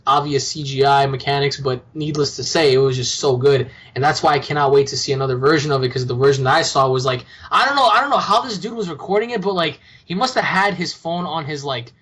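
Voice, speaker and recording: A man's voice: fairly high pitch, fast, few pauses, a bit bright, breathy edge. A young man co-hosting a casual podcast, blunt and profane, often scoffing in disbelief. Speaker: podcast co-host.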